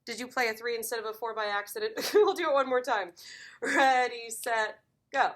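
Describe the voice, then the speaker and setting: A woman's voice: on the high side, fairly quick, a bit bright. A woman teaching piano in a lesson video, encouraging and counting beats aloud.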